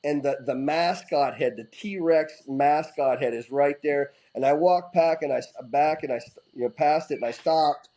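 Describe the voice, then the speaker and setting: Middle-aged male guest, slightly high voice, lively raconteur, casual, restarts often. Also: moderate pace, few pauses, low-quality recording. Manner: animated, repeats and restarts, swears casually. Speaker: podcast guest, former hockey player. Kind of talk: casual storytelling interview.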